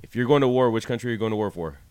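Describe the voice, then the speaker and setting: A man's voice: mid-range voice, rapid-fire, a little mellow, smooth. A Canadian man chatting casually on a podcast, teasing and arguing his points. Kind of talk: casual chat.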